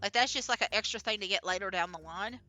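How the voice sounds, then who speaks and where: Young woman, streamer, bright tone, rambling, fillers and restarts, faint game music. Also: medium pitch, fast. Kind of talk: casual gameplay commentary.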